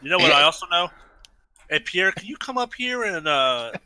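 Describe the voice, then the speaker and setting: Bright, chatty man playing a tabletop game. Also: high voice, sing-song, normal speed, smooth, dry recording. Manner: chatty and questioning. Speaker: player. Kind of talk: casual in-character chat.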